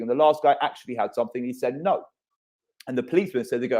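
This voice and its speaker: A man's voice: medium pitch, lively intonation, fast. A man in his thirties hosting a casual podcast chat, telling stories animatedly and swearing freely.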